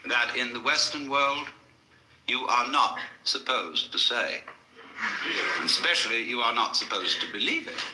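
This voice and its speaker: A man's voice: medium pitch, animated, measured pace, roomy sound, noisy background. A man giving a public lecture to a live audience, telling stories in a wry manner with dry asides.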